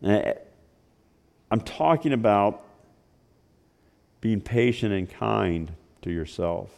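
A man preaching a sermon, telling the story with conversational asides, swinging between loud and hushed passages. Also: lowish voice, lively intonation, slow pace, gravelly, pauses often. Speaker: pastor.

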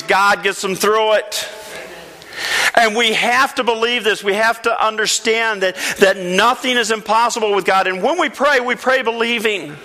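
A man's voice: high-pitched, sharp tone. A pastor preaching a sermon to his church, emphatic, repeating phrases and putting questions to the congregation. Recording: reverberant church hall.

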